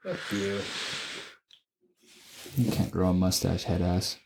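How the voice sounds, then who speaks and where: A man co-hosting a casual sports podcast, talking excitably, swearing often and tripping over his words. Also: low voice, slow pace, creaky. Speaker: podcast co-host.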